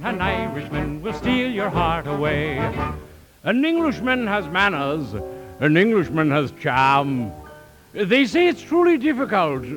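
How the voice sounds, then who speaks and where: A man singing a cheeky novelty song with a high, lilting tenor in a 1940s radio comedy. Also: rough recording. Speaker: singer. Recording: old radio broadcast with music.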